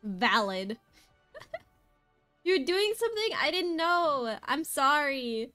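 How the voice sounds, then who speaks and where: Woman streamer, high bright voice, unhurried, giggly and teasing on voice chat. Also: animated, dry recording, soft background music. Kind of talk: casual gaming stream chat.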